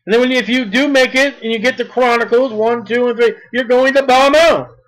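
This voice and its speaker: A man preaching a sermon, reading scripture slowly and then speaking emphatically. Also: very high voice, fairly even intonation, fairly bright tone, rough recording.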